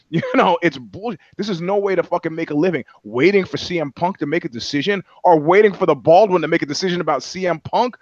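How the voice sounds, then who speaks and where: A man's voice: fairly high pitch, fast, no room sound, lo-fi sound. A man co-hosting a podcast in casual chat, rambling and sardonic, with plenty of profanity. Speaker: podcast co-host.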